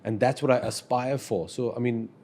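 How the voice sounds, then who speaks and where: A man's voice: mid-range voice, moderate pace. A man, earnestly telling a personal story as a podcast guest. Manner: earnest, reflective, animated when telling stories.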